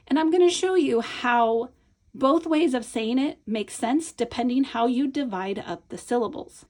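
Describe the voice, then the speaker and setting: Woman, middle-aged, gravelly and slightly high, patient instructional delivery, stretches out sounds when modeling them. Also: darkish tone. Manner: patient, explanatory, frequent "right?" check-ins. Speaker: teacher trainer. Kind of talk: instructional video lesson.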